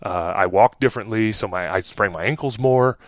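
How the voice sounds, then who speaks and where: A man in his forties, a former pro athlete telling stories as a podcast guest, with an animated, sarcastic streak. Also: fairly low pitch, brisk, no room sound. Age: 40s. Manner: animated storyteller who acts out quotes, with a sarcastic streak. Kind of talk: casual interview conversation.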